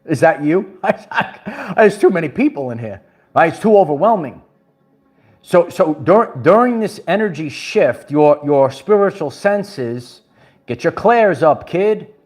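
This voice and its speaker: A man's voice: fairly high pitch, animated, takes it slowly, darkish tone. A man from Brooklyn, talking to his viewers in an emphatic, preachy way and repeating his phrases. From Brooklyn, New York. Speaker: spiritual empowerment vlogger. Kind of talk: livestream motivational talk.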